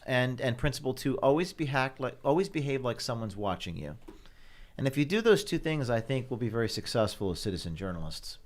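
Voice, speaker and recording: Animated man in his thirties. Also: medium pitch, a little fast. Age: 30s. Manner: animated, repeats words while searching for phrasing. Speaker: guest journalist. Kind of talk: panel discussion.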